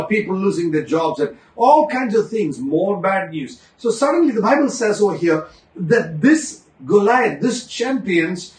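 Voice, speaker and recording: A man preaching a sermon with emphatic repetition, swinging between rushed bursts and slow, drawn-out emphasis. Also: high voice. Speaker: pastor. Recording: echoey room, voice from a distance.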